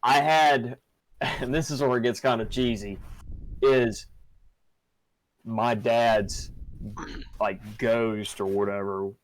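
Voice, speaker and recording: A man's voice: medium pitch, fairly even intonation, takes it slowly, pauses often, low-quality recording. A young man hosting a podcast, telling a personal story casually with many fillers and restarts. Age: young adult. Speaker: podcast host.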